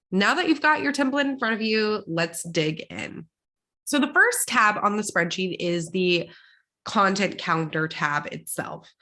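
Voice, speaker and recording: Young adult woman from Texas, podcast host; upbeat, direct, a little congested with vocal fry. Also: mid-range voice, a bit bright. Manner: upbeat and chatty, addressing listeners directly. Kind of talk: solo podcast teaching.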